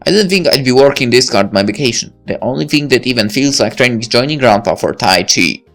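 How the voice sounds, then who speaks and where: A woman voicing a thoughtful high school senior girl while reading a visual novel aloud, in a musing inner-monologue manner. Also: expressive, fast talker, faint music behind.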